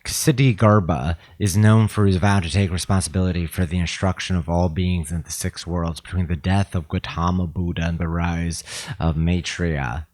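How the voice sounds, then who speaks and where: A man co-hosting a podcast in casual chat, soft-spoken and musing. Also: low-pitched, fairly even intonation, moderate pace, no room sound. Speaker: podcast co-host.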